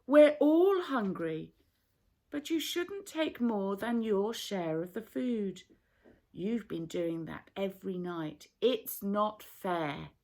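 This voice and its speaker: A woman's voice: lowish voice, takes it slowly, gravelly, few pauses. A woman voicing a frustrated young man who complains in a raised voice in a storybook. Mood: indignant.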